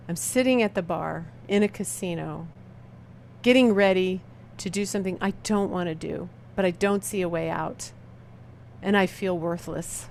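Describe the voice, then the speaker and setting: A middle-aged woman speaks with quiet intensity, letting long pauses hang between her phrases as she recounts her own past. Her voice sits in a middle register, neither high nor low. A faint background noise runs under the recording. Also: gravelly. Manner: slow, heavy dramatic pauses, quiet intense delivery. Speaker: motivational speaker. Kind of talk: emotional personal testimony talk.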